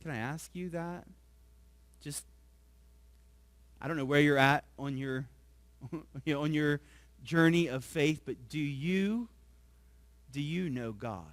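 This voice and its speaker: A male pastor preaching a sermon. He keeps asking the congregation questions, tags his points with "right?", and swings from soft, low asides to loud emphasis. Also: takes it slowly, pauses often, dry recording.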